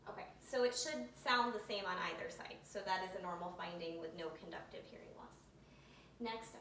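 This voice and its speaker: A woman's voice: medium pitch, fairly bright tone. A woman methodically talking through a clinical physical exam step by step, with occasional fillers, in an exam room. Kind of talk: narrated step-by-step clinical demonstration. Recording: echoey room, distant mic, faint hum.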